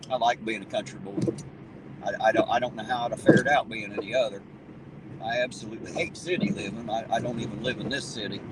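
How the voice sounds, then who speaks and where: A man with a southern Ohio hillbilly accent, chatting casually on a live stream while driving at night, folksy and easygoing with casual swearing. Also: fairly low pitch. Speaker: livestream host. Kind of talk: casual live-stream chat, reading viewer comments. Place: in a car driving around town at night. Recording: distant mic with loud car noise. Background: car and road noise.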